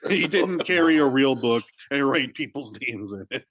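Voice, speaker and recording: A man's voice: medium pitch, expressive, moderate pace, fairly bright tone, breathy edge, no echo. Chatty man podcasting about a film. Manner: chatty storyteller, many "like"s and restarts. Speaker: podcast co-host. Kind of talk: casual film discussion.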